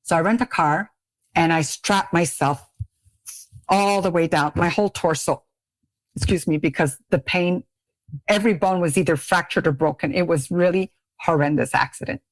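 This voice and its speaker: A middle-aged woman, a guest on a podcast, tells her story in a lowish voice. She acts out quoted lines with sudden leaps in pitch and laughs often. The recording is dry and close. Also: normal speed, no room sound. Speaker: podcast guest, beauty brand CEO. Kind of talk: animated storytelling in casual chat. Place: Ontario, Canada.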